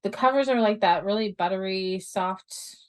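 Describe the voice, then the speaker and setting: A middle-aged woman guest chatting casually, bubbly and quick to laugh. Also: medium pitch. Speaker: guest, journal creator. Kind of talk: casual chat.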